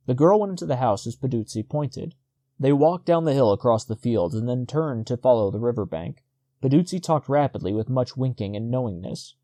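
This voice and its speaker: A man narrating a short story as an audiobook reader, in a steady, measured reading. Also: mid-range voice, no echo. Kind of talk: scripted narration.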